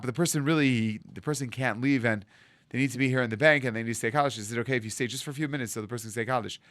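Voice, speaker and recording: Rabbi telling a story, dry close sound. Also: male voice, medium pitch, racing, no room sound. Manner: animated storyteller acting out dialogue. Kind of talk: storytelling sermon.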